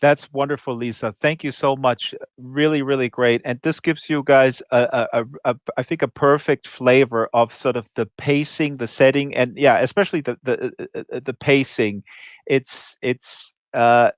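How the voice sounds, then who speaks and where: A man hosting a casual interview who talks in a halting, stop-start way. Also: medium pitch, fairly even intonation, no echo. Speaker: host.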